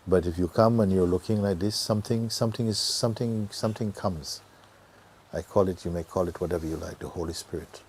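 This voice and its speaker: A middle-aged man giving a gentle satsang talk as a spiritual teacher, often dropping to a near whisper and laughing easily. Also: low voice, a little fast, a little hiss or hum. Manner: laughs easily, joyful and earnest.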